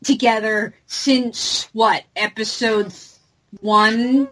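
A woman's voice: on the high side, fairly even intonation, extremely slow, a bit bright, rough recording. A woman hosting a casual fan podcast, talking animatedly with many fillers and restarts. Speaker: podcast host.

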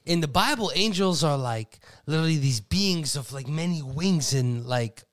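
Animated man telling a story. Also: on the high side, normal speed. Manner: animated storytelling, swearing, puts on silly voices. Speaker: podcast co-host. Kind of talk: casual chat.

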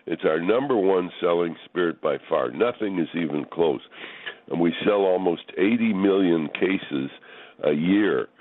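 Man, very deep, folksy radio guest, dry tinny phone audio. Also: no room sound. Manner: folksy, unhurried, many fillers and restarts. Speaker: regular spirits and wine guest. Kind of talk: casual on-air chat.

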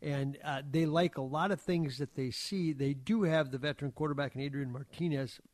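A man's voice: a little high, brisk, dry recording. A man talking casually on the radio as a sports reporter, easygoing, with many fillers and restarts.

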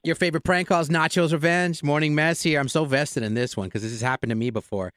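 A man's voice: fairly high pitch, steady tone, fast, a bit bright, no room sound, clean studio sound. Upbeat male morning radio host. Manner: upbeat, chatty, emphatic. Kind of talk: morning radio show banter. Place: radio studio. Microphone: studio mic.

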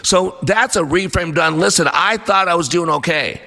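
A man's voice: high voice, normal speed, vocal fry, pushed and bright. A man in his fifties hosting a faith-based motivational radio talk, speaking with earnest, preacherly emphasis. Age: 50s. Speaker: radio host.

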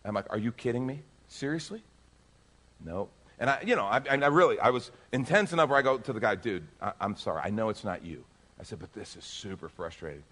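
A man, a pastor, telling a lively personal story during a sermon and acting out the dialogue. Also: fairly low pitch, fast talker. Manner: animated, acts out dialogue in the story. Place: church.

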